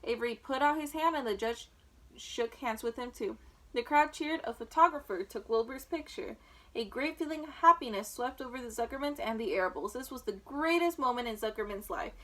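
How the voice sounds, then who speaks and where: Bright-voiced woman reading a storybook aloud. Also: on the high side, lively intonation, a little fast, rough recording. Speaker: storybook reader for children. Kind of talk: reading a children's book aloud.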